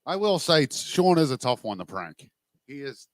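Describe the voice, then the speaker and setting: A man co-hosts a casual talk show, chiming in with short remarks and crude teasing. His voice sits at a mid pitch. The room is dry and close. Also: very animated, moderate pace, dry recording. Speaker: co-host. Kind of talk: casual chat.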